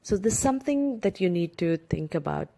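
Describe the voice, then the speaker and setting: A woman's voice: lowish voice, very animated, normal speed, gravelly, dark tone. A woman from India giving career advice as a coach and former cabin crew member, talking chattily with many fillers and restarts. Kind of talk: instructional talk to camera.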